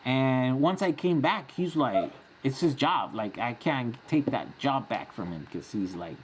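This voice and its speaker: A man's voice: medium pitch, animated, a little slow, few pauses, slight background noise. A man in his forties hosting a casual live-stream Q&A, chatty and rambling, often laughing as he answers. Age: 40s.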